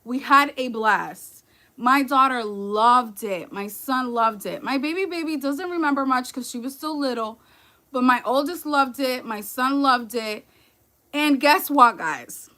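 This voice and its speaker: Casting: New York woman in her thirties, high bright voice, chatty livestream host. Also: a little slow. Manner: chatty, storytelling, addresses viewers as y'all. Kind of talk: casual livestream chat.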